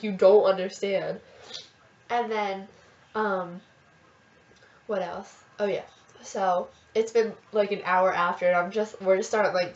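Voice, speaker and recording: Teen girl vlogger, excitable gushing storyteller, mid-pitched, roomy dull home recording. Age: teens. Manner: chatty, filler-heavy, gushing. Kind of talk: casual storytelling. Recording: roomy, dull lo-fi webcam audio.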